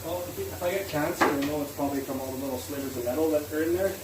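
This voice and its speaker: A man live-streaming from his kitchen on a phone, rambling loudly and swearing while he cooks and chats. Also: on the high side, very fast, heavy background noise. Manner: rambling, loud, swears a lot. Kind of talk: casual live-stream chat while cooking. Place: home kitchen.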